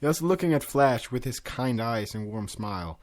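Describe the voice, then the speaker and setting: A man hosting a podcast, reading a fan story aloud with lively delivery and casual asides. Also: medium pitch, moderate pace.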